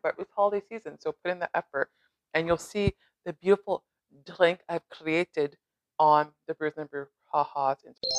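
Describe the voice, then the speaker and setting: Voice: mid-range voice, dry recording, poor audio. A podcast host from Canada in casual chat, brash and teasing, swearing freely.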